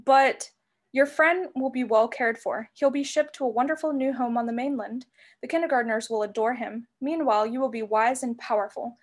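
A vain, sweetly menacing sorceress put on by a woman reading a storybook aloud. She coos and purrs in a honeyed, theatrical way, her voice sitting fairly high. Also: moderate pace, lightly acted. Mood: cooing, sly.

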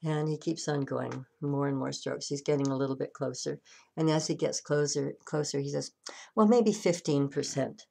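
A woman's voice: very deep voice, flat delivery, normal speed, gravelly, warm tone. A woman minister giving a sermon and retelling a story conversationally, with frequent restarts.

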